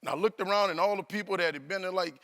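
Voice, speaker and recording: A man's voice: sits high, very fast. A man, a motivational speaker telling humorous stories to a live audience at a university event. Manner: animated, comic, playful with the audience. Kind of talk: humorous storytelling speech.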